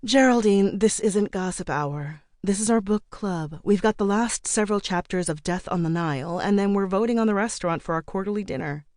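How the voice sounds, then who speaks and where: A woman voicing a practical woman who runs a book club in an audiobook, speaking briskly and gently firmly. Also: medium pitch, no room sound, studio quality, voice pushed up, lightly acted. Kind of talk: audiobook character reading.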